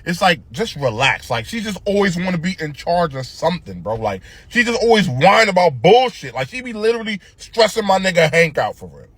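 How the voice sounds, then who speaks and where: A man's voice: high voice, big pitch swings, fairly quick, hardly any pauses, a bit bright, breathy edge. A man ranting casually about cartoon characters, profane and opinionated, full of slang and tag questions. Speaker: show commentator. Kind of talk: casual commentary rant.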